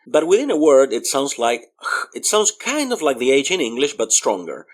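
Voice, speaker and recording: A man with a slightly husky voice leads a beginners' language lesson. His pitch swings lively as he sounds out letters and repeats each example word with care. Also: moderate pace. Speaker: Spanish teacher.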